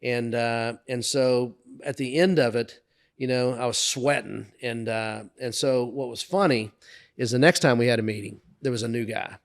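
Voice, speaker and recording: A man's voice: mid-range voice, moderate pace, vocal fry. A middle-aged man co-hosting a podcast, telling career anecdotes in casual chat and raising his voice to act out the people he quotes. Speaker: podcast co-host.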